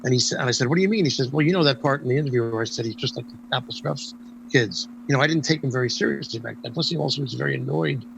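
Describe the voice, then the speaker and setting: A man's voice: mid-range voice, rapid-fire, vocal fry, dull audio, noisy background. An older man, a guest in an interview, telling long anecdotes and acting out the voices in them. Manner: animated storyteller, acts out quoted dialogue. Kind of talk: storytelling anecdotes in a casual interview.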